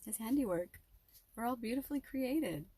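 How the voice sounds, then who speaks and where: A woman's voice: fairly high pitch, expressive, normal speed, dark tone, slight background noise. A middle-aged woman talking to her viewers in an emotional, rambling personal vlog with a spiritual bent. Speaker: vlogger.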